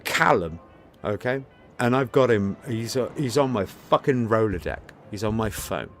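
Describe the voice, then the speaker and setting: A man's voice: on the low side, lively intonation, normal speed, fairly bright tone, soft background music. Swearing, ranting male streamer. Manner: profane, emphatic, repeats himself; storytelling, preachy. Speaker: live streamer. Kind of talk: rambling live-stream rant.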